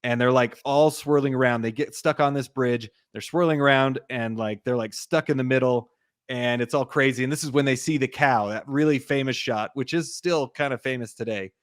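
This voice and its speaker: Speaking at a moderate pace in a mid-range voice, a young man co-hosting a podcast rambles through a movie's plot, heavy on fillers like "like," and acts out quotes along the way. There's no room sound, and the quality is studio-grade.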